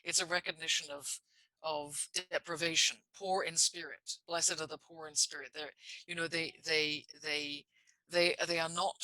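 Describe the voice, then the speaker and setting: Bright, dry-voiced thoughtful man. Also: on the high side, no echo, rough recording. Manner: halting, restarts phrases, many "you know" and "I mean". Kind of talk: reflective conversational discussion.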